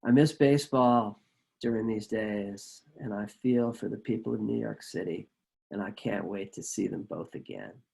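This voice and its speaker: A man telling a personal story at a live show, animated and acting out the people he quotes. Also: fairly low pitch, moderate pace, vocal fry, slightly rough.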